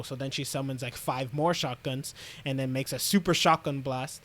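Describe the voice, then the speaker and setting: A man's voice: mid-range voice, little pitch movement, moderate pace, hardly any pauses. A young man co-hosting a podcast, rambling through a recap and laughing often. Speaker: podcast co-host. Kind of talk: casual recap chat.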